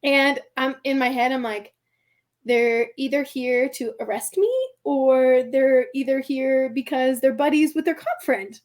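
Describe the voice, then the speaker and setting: A woman guest on a podcast telling a story in casual conversation. She is animated, laughs often, acts out the people in it and keeps saying "like". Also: high-pitched, measured pace. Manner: chatty, heavy use of "like" and "I'm like".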